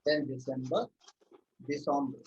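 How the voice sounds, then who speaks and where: A man teaching a live online French lesson, patiently repeating words slowly for his students. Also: medium pitch, darkish tone, highs cut off, a little hiss or hum.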